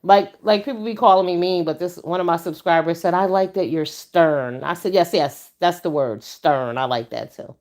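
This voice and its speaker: A woman hosts a casual livestream, chatting straight to her viewers. Her voice sits slightly low, and she is blunt, stern and profane, jumping up in pitch when she makes a point. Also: moderate pace, hardly any pauses, a little mellow. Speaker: livestream host.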